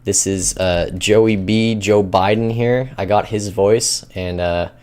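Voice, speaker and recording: A man's voice: fairly low pitch, steady tone, slow pace, a little mellow. A man hosting a finance news show, talking in loose, rambling casual commentary with many fillers.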